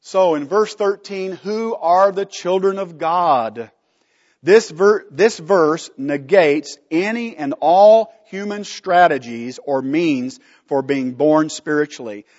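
A man's voice: on the high side, takes it slowly, in a large hall, lo-fi sound. A man teaching a Bible study from slides, emphatic, putting questions to the class and answering them himself.

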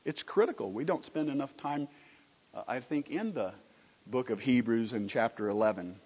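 Animated preacher in a reverberant hall. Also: male voice, mid-range voice, normal speed, husky. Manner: asks the congregation questions and answers them himself; animated, emphatic teaching. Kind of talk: sermon. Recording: muffled recording with long hall reverb.

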